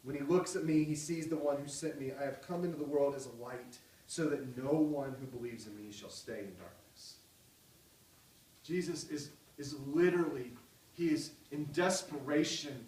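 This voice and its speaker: A man preaching a sermon with great passion, swinging from loud cries down to soft pleading. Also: mid-range voice, normal speed, distant mic. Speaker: pastor. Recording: echoey hall, voice from off the mic.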